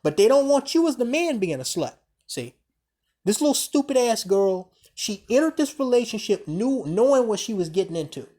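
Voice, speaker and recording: A man telling a story in a blunt, profane vlog rant, animated and conversational. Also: extremely high pitch, normal speed. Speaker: vlogger. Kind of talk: casual storytelling rant to camera.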